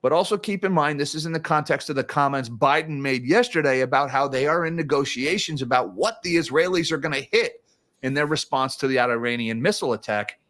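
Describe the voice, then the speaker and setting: A financial commentary host with a fairly high, slightly bright voice talks briskly on a casual market livestream. He's chatty and drops in sarcastic asides.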